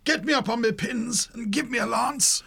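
A man's voice: very high-pitched, normal speed, gravelly, bright, forceful tone, husky, pitched above the performer's own voice, heavily acted. A man voicing a wounded but cheerful hare soldier with breezy, stiff-upper-lip banter.

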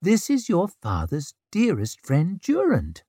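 A man raising his voice to play a sly young noblewoman in an audiobook, her tone lifted high and sugary as she coos and schemes. She is poised and calculating, slow and deliberate in delivery. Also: very animated, warm tone, husky, no echo, studio quality, full character voice. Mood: bright cooing. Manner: sweet, cooing, then cutting and political.

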